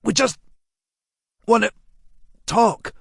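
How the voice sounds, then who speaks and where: A man's voice: high voice, extremely slow, creaky, breathy edge, dry recording, studio quality, pitched above the performer's own voice, full character voice. A man doing a winded detective, pleading. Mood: pleading, strained. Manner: breathless and strained, trying to calm. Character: winded, battered male detective pleading calmly.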